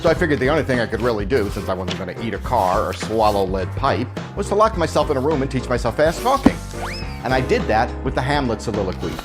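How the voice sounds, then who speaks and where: A man telling anecdotes about his career as a fast-talking performer, with a rapid, lively delivery and bursts of very fast speech. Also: mid-range voice. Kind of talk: anecdotal storytelling. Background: background music.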